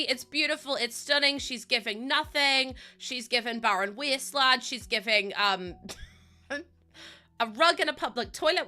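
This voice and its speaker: A woman's voice: sits high, sharp tone. A young woman streamer chatting bubbly with her viewers while building in a game, laughing often.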